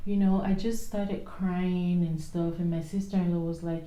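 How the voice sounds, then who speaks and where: A woman with a slightly low voice chats to her viewers as she puts on her makeup. She tells a personal story in an animated, rambling way, full of "um"s and restarts. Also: moderate pace, few pauses, reverberant, highs cut off. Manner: animated retelling with many fillers and restarts. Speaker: vlogger. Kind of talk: storytime chat while doing makeup.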